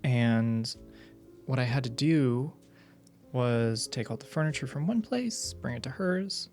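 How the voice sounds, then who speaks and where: A man's voice: mid-range voice, expressive, measured pace, a little mellow, faint music behind. A man streaming, telling a long story in casual chat, restarting his sentences and swearing as he goes. He rambles along in a loose, offhand way.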